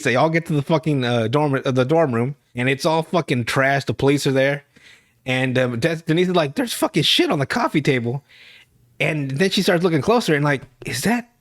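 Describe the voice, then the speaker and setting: A young man hosting a podcast, rambling through a profane, laugh-filled recap of a TV episode. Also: a little high. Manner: rambling, profane, laughs loudly at his own story. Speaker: podcast host.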